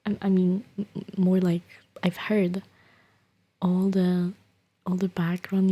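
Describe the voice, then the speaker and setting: Soft-spoken whispering woman streamer. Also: on the low side, little pitch movement, slow, long pauses, slightly rough. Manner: whispery, hesitant, many restarts. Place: bedroom at home. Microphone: desktop streaming microphone.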